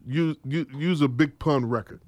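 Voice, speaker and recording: A man hosting a podcast, teasing his guests and cracking jokes in loud, casual chat. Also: fairly high pitch, normal speed, no room sound. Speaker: podcast host.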